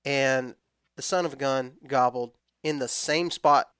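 A man in his thirties telling a long hunting story in a relaxed, rambling way with frequent restarts. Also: mid-range voice, a little slow, smooth, dry recording, clean studio sound. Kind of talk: casual storytelling chat.

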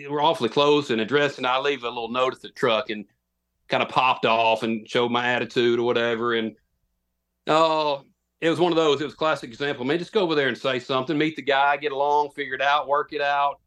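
A man's voice: medium pitch, steady tone, brisk, a bit bright. A man, telling a long, rambling, self-deprecating story as a podcast guest. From Tennessee. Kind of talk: casual storytelling.

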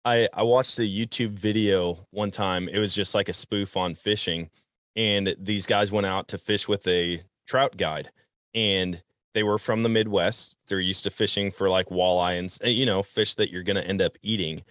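A man from Wisconsin hosting an outdoors podcast, telling fishing stories in a relaxed way and chuckling often. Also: deep voice, moderate pace, no room sound, studio quality. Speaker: podcast host. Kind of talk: casual outdoors chat.

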